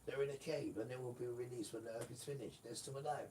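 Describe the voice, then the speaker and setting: A man streams live in a rambling, emphatic monologue, repeatedly calling out to his viewers. His voice sits at a middling pitch. It is picked up from a distance with faint room noise behind it. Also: steady tone, fast talker, warm tone. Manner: rambling, emphatic, keeps addressing the audience.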